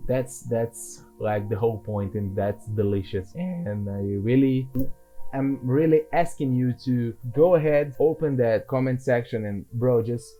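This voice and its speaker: A man talks casually over his gameplay in a mellow, darkish voice. He rambles, restarts sentences and keeps putting himself down, while soft music plays quietly behind him. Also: mid-range voice, measured pace, rough recording. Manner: rambling and self-deprecating, with frequent restarts. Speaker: gaming video creator.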